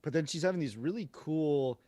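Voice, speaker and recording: A man's voice: on the high side, a little fast, mellow, no room sound. Man, podcast co-host, casual movie chat, dry recording, talks in restarts. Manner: chatty, repeats words when starting sentences.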